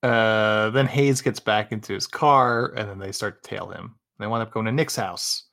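A man's voice: fairly low pitch, fairly even intonation, normal speed, vocal fry, a bit bright. A man co-hosting a casual podcast, recapping a movie plot in long run-on sentences. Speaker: podcast co-host.

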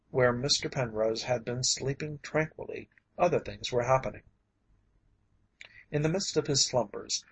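A man reading a story aloud as an audiobook narrator, in a steady, even manner. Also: mid-range voice, breathy edge, rough recording. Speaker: audiobook reader.

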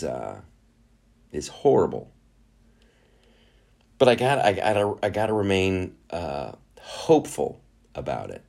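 A man giving a casual spoken monologue, animated and profane, who riffs in quick put-on voices. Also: low-pitched, creaky.

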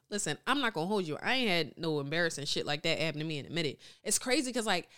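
A woman's voice: low voice, very animated, quick pace, pushed and bright, clean tone. A woman speaking as a podcast guest in a studio, chatting casually and candidly, with lots of slang, laughter and playful exaggeration, and reading out live comments.

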